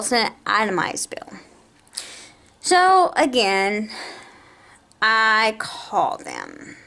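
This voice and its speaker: A woman's voice: medium pitch, gravelly, fairly bright tone. A woman telling an angry story about a medical bill, talking in a heated, exasperated way with her voice raised. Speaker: vlogger. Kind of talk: angry personal rant to camera.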